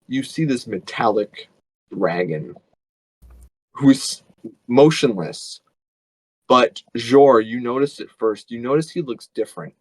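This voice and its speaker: Man game master, easygoing, halting narration, dry close sound. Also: medium pitch, no room sound, low-quality recording. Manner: casual, many fillers and restarts.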